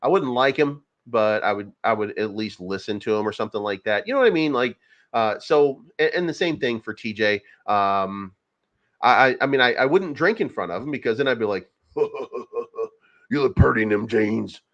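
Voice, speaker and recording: A man's voice: medium pitch, animated, brisk, fairly bright tone, lo-fi sound. A man hosting a casual crypto livestream, rambling and profane, with many fillers and restarts. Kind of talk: casual livestream market commentary.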